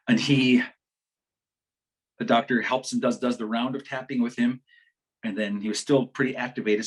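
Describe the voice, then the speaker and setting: A man's voice: mid-range voice, slightly rough, low-quality recording. A man giving a community health talk, telling a story in a conversational way, often restarting and quoting what others said. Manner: conversational, repeats words and restarts, quotes others. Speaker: health educator. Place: online community forum session.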